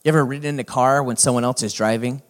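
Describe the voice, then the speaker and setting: A man's voice: medium pitch, steady tone, fast talker. Folksy man preaching a sermon. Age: middle-aged. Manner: folksy, conversational preaching with rising emphasis. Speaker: pastor.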